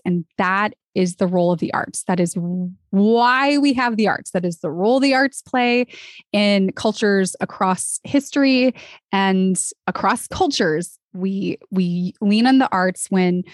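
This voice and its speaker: An earnest, encouraging woman speaking as a guest on a podcast. Her voice sits in a middle pitch, recorded dry and close with no room around it. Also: dry recording. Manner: earnest and encouraging, animated when quoting others. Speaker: podcast guest, vocalist and arts nonprofit founder. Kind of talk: conversational interview.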